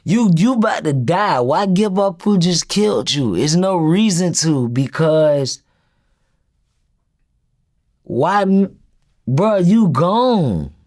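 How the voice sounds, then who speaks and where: Male rapper guest, higher voice, slow and laid-back, street slang. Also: expressive, a little mellow. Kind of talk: casual interview chat.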